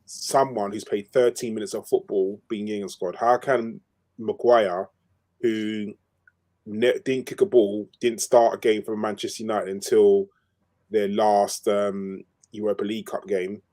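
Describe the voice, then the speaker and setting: A man with a fairly low voice gives firm football opinions on a podcast. He talks in a casual, emphatic way and leans on ums between his points. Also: level tone, a little slow, warm tone. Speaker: podcast co-host.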